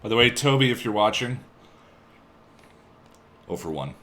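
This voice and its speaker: A man with a lowish voice rambles casually to his stream viewers while he edits. He keeps drifting off to mutter to himself at his desk. A faint hiss sits under his voice. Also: animated, normal speed, fairly bright tone. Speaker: YouTube channel host live-streaming his video editing.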